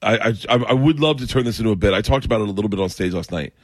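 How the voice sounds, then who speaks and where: A middle-aged man chatting and telling animated stories about his family, laughing often as he talks. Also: lowish voice, racing, no echo, studio quality. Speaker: comedian guest. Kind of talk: animated storytelling chat.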